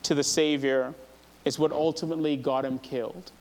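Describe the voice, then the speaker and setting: A man preaching a sermon as pastor, moving from quiet, low statements to loud, high-pitched fervor. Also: steady tone, normal speed.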